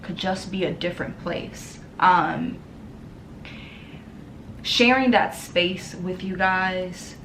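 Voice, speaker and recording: A woman's voice: fairly low pitch, slow, long pauses, fairly bright tone. Young woman vlogger, sincere and emotional, filler-heavy, echoey room sound. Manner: earnest, many ums, emotional and tearful at times. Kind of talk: casual heartfelt talk to camera. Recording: roomy echo with faint background noise.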